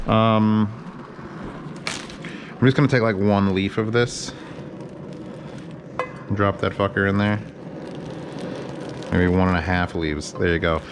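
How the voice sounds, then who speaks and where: A man's voice: lowish voice, fairly even intonation, takes it slowly, pauses often, background noise. A man hosting a casual cooking vlog from his home kitchen, rambling and joking with plenty of swearing as he works. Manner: joking, profane, rambling commentary. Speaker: home cook host.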